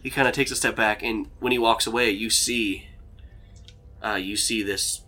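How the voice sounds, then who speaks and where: A man's voice: on the low side, steady tone, moderate pace, pushed and bright, slight background noise. A man running a tabletop game as game master, narrating in a casual, rambling way with lots of fillers. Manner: casual, rambling, laughs often.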